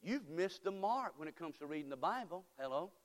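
A man preaches with an animated, high-pitched voice that climbs and dips from hushed storytelling to shouting. His voice rings through a church hall with a long echo. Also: a little fast. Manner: impassioned, swings from quiet storytelling to shouted praise. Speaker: pastor. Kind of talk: sermon. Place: church sanctuary.

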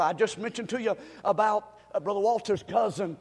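A male pastor preaching a revival sermon, swinging between quiet asides and shouted exhortation in a church sanctuary. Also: sits high, a little fast, gravelly, husky. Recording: long reverb of a church hall.

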